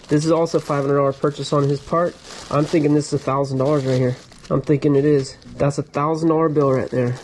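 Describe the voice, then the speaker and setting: An American man with a fairly high voice speaks fast while vlogging from inside a storage locker on a GoPro camera. As a storage locker reseller and channel host, he excitedly shows off his finds, thinking aloud and sometimes whispering. The rough recording has slight background noise.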